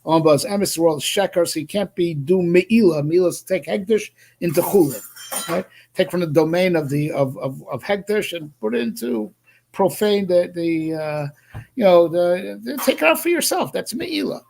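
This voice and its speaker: A man's voice: high voice, normal speed, gravelly, dark tone, a little hiss or hum. A man teaching a Torah class as a rabbi, thinking aloud with many restarts and asides. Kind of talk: Torah class, explaining a text.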